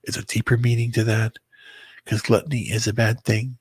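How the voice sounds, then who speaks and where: Tired, gravelly-voiced man rambling. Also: lowish voice, little pitch movement, darkish tone, no echo. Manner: halting, repeats and restarts words. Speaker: vlogger. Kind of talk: rambling personal monologue to camera.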